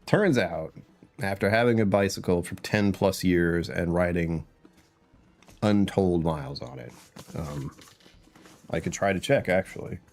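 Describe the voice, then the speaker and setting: A man's voice: low voice, unhurried, pauses often, a little mellow, faint music behind. A man hosting his own live stream in casual, rambling chat, chuckling often and greeting viewers by name from his home computer.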